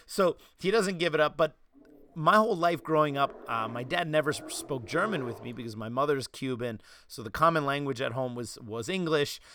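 A man with a New York accent, hosting a podcast and telling animated stories in casual chat. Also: fairly high pitch, fairly quick, a little hiss or hum. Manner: animated storytelling, slipping into quoted voices. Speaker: podcast host.

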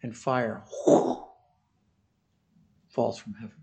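A man preaching a sermon with passion, swinging from loud declarations to quiet, wry storytelling. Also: mid-range voice, flat delivery, takes it slowly, creaky. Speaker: pastor.

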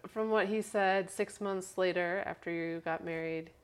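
A woman's voice: lowish voice, steady tone, a little slow, clear, resonant tone. A woman interviewing a guest, asking brief, attentive questions in a conversational tone.

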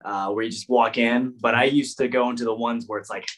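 Comedian guy guesting on a podcast, dry low-key delivery, ordinary mid voice. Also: steady tone, brisk, a bit bright. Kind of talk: casual chat.

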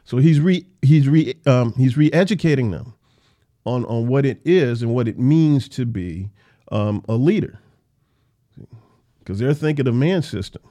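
A man's voice: medium pitch, animated, a little slow, mellow. A man teaching the Bible verse by verse in a conversational way, repeating phrases for emphasis.

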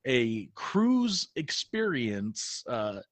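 A man co-hosting a casual live podcast, stuffy and congested from a cold, talking haltingly with many fillers. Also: mid-range voice, wildly swooping pitch, fairly bright tone. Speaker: podcast co-host.

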